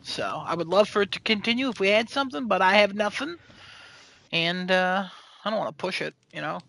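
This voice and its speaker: A man hosting a casual podcast chat, easygoing and quick to laugh. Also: high-pitched, gravelly, bright, forceful tone. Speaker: podcast host.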